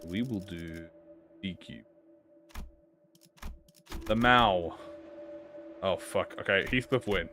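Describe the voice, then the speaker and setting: A young man live streaming while he plays a game, chatting casually, swearing a lot, rambling through stammered restarts and loudly insisting he is not upset. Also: deep voice, slow, long pauses, a little hiss or hum. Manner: excitable, swears a lot, jumps to deny being upset. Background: game music playing.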